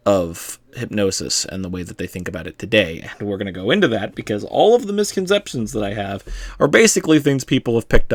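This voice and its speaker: A man's voice: lowish voice, no echo. A man giving a casual, rambling explanatory monologue as host, full of fillers and the odd swear word.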